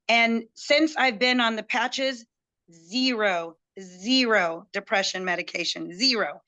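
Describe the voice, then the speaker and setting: A woman guest telling a personal story in an excited, chatty way, acting out what others said to her. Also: on the high side. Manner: chatty, excitable, acts out quoted dialogue.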